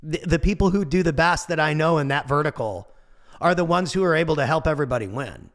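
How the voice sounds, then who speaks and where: Casting: man in his 40s, high-pitched, loose motivational talker with a goofy streak. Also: fast talker. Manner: animated, goofy, swears casually. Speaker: motivational speaker. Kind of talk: motivational monologue.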